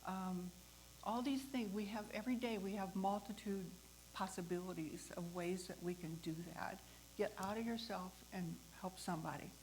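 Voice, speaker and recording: A woman hosting a talk, telling a personal story in a lively way, acting out the voices of the people in it and laughing often. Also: mid-range voice, moderate pace, a little hiss or hum, rough recording. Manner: animated, acts out the voices in her story. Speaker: host.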